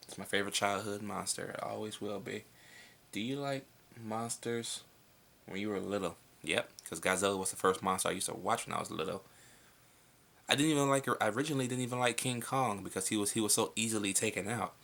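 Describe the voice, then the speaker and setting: A young man with a deep, gravelly voice answers viewer questions in a relaxed home vlog. His tone is bright and edgy, and his manner is blunt and casual, with frequent swearing. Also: fairly quick. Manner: laid-back, blunt, swears freely. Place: indoors at home at night.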